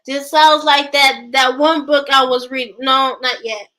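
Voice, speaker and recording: High-voiced woman reading scripture. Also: steady tone, measured pace, hardly any pauses, pushed and bright. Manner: stumbles and restarts while reading aloud; chatty, exclaims to live viewers. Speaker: Bible study host. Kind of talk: scripture reading with casual commentary.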